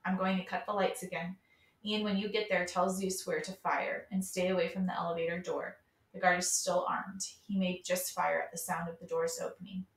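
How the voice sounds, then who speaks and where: A woman reading the part of a young male tech operator who gives quick instructions. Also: on the low side, level tone, reverberant, close to an everyday voice, poor audio. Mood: instructive.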